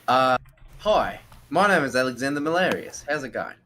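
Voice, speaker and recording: A man's voice: medium pitch, lively intonation, normal speed, bright, forceful tone, a little hiss or hum. A man playing in a tabletop role-playing game, playful and often slipping into character. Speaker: player.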